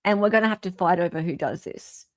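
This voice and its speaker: An Australian woman hosting a casual commentary show, chatty and animated, with the odd swear word thrown in. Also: on the low side, quick pace, no room sound, clean studio sound. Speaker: host.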